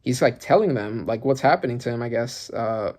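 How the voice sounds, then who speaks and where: Guy doing a chill reaction vid, mid-pitched, rambles and gets hyped, thinks out loud. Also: fairly quick. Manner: excitable, thinking aloud, rambling. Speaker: manga reaction channel host. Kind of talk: casual reaction commentary.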